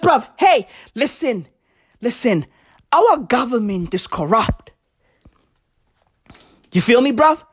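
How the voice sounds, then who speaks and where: A comedian with a South African accent, delivering a profane, shouty sarcastic rant full of "bruv". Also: medium pitch.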